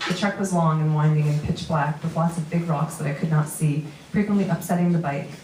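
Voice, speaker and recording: Woman, New York accent, low voice, reads her own prose on stage with wry asides; roomy live recording from a distance. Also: fairly even intonation, a little fast, mellow, slight background noise. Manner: reads steadily, with dry asides to the audience. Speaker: comedian reading a memoir piece. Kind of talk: live reading of personal prose. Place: small theater stage before an audience.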